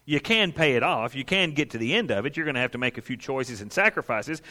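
A man's voice: medium pitch, animated, fast, sharp tone. A man preaching a conversational sermon, asking his listeners questions and acting out the quotes he tells. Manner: folksy, asks the congregation questions, acts out quotes.

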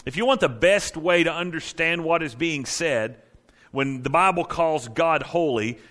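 Emphatic preacher man, slow stresses. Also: a little high, fairly bright tone. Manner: emphatic, slows down to stress key words. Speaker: pastor. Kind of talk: sermon.

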